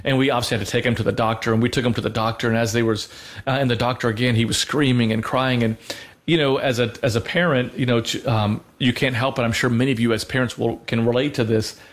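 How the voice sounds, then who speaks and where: A man's voice: mid-range voice, steady tone, quick pace. Man, 30s, co-host on a faith talk show. Earnest and conversational, restarts often, ordinary mid-range voice. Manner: earnest, with many fillers and restarts. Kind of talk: conversational teaching.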